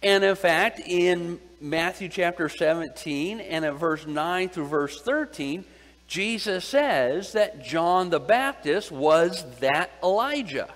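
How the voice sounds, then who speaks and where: Slow, high-voiced man preaching in a hall. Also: expressive, a bit bright. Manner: deliberate, asks the audience questions and repeats key phrases. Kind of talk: Bible teaching sermon. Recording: long hall reverb.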